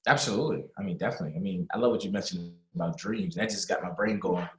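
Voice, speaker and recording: A man speaking as a guest in a casual conversation, animated and motivational, often repeating words for emphasis. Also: sits low, rapid-fire, roomy sound, rough recording. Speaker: podcast guest. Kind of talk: casual video-call conversation.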